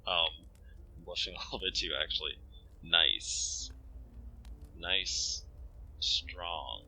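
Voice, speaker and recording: A man's voice: low-pitched, slow pace, bright, forceful tone, slight background noise. A man hosting a let's play of a visual novel, commenting in a crude, joking, self-mocking way.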